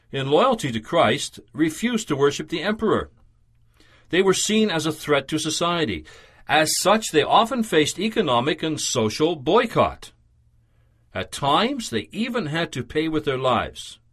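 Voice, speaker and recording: A man giving a scripted radio devotional sermon, reading in a measured, earnest and emphatic way. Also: fairly high pitch.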